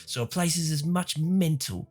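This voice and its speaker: A man voicing a gruff male warrior turned rambling philosopher, in a low, solemn, drawn-out voice. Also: darkish tone, soft background music.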